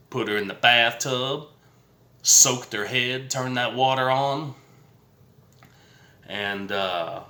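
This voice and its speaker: A man's voice: lowish voice, pushed and bright. A man telling a personal story in a blunt, plain-spoken way to his viewers, swearing now and then. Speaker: vlogger. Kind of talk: casual storytelling. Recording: roomy echo.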